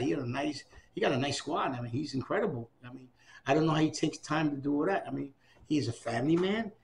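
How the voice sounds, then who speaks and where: A man in his fifties in an oral history interview, talking in an excitable, repetitive way and giving out many shout-outs. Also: a little high, vocal fry, slight background noise. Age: 50s.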